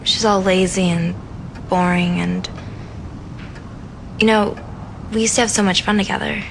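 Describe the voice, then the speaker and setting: A woman's voice: medium pitch, fairly even intonation, unhurried, vocal fry, fairly bright tone, a little hiss or hum, poor audio. An actress playing a young woman who complains earnestly about her stoned friend, in a scene from an old commercial. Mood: complaining.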